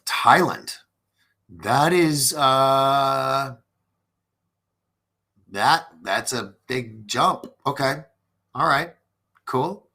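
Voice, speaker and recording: A man's voice: mid-range voice, lively intonation, extremely slow, pauses often, bright, forceful tone, breathy edge. A man hosting a late-night live-streamed podcast, chatting casually and reading viewer comments with many restarts and fillers. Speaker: podcast host.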